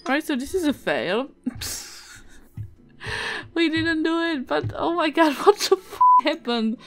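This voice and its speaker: A Czech-accented woman giving casual let's-play commentary, excitable, swearing and yelping at the game. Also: high-pitched, takes it slowly, faint music behind. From Czech Republic. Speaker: gaming video creator.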